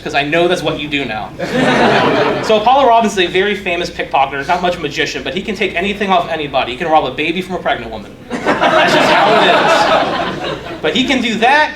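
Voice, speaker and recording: A young man with a fairly high voice gives a loose, profane conference talk. He jokes at his own expense, and his voice rings around a roomy, echoey hall. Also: very noisy. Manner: loose, profane, joking, self-mocking. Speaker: conference speaker.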